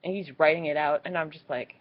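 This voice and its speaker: A young woman telling a story in a casual vlog, swearing freely and acting out what people said in squeaky high voices. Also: fairly even intonation, quick pace, lo-fi sound. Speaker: vlogger.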